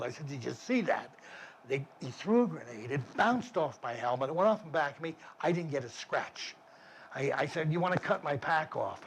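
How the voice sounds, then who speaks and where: Older male veteran, plainspoken storyteller, restarts often, medium pitch, faint hiss behind. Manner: vivid, plainspoken, with frequent restarts. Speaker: army veteran interviewee. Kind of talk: war memoir storytelling.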